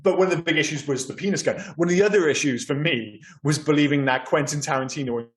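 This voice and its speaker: A man co-hosting a podcast, talking through a film in an animated, sweary, enthusiastic way. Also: fairly high pitch, fast talker, a little hiss or hum. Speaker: podcast co-host. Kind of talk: casual film-review chat.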